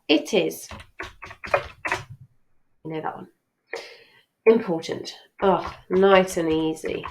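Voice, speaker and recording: A woman's voice: fairly low pitch, slight background noise, poor audio. A woman French teacher giving a chatty, reassuring exam revision lesson.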